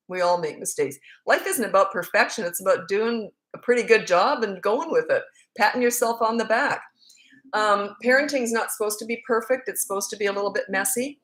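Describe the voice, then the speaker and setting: A woman's voice: medium pitch, fairly bright tone. Chatty woman parenting coach, laughing often. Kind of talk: casual livestream chat.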